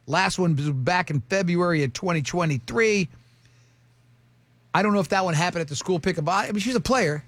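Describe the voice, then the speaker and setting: A man's voice: high-pitched, moderate pace, a bit bright. A man hosting a radio show, telling a story in joking casual banter. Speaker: radio host.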